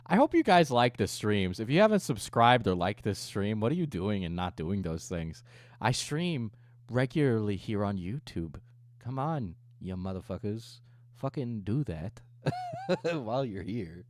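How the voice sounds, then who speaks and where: Lively, swearing male streamer. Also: fairly low pitch, moderate pace, no room sound. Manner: profane, joking rants with frequent laughter. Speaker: livestreamer; coffee business owner. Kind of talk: casual livestream chat.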